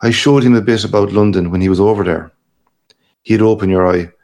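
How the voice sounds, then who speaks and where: A man's voice: on the low side, brisk, darkish tone, natural voice. A man reading aloud, voicing a boastful, worldly middle-aged man with a hearty, patronizing manner. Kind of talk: audiobook character reading.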